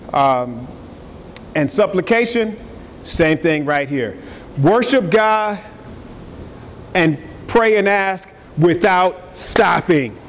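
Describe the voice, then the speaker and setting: A man preaching a sermon, emphatic and calling out to his congregation. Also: high-pitched. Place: church sanctuary. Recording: long reverb of a large hall, faint noise.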